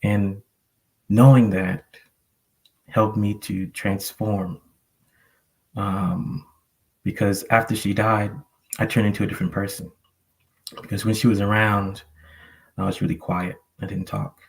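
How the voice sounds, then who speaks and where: A man's voice: on the low side, level tone, unhurried, vocal fry, long pauses. A man sharing a personal story earnestly on a panel, rambling with many fillers. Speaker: panel guest.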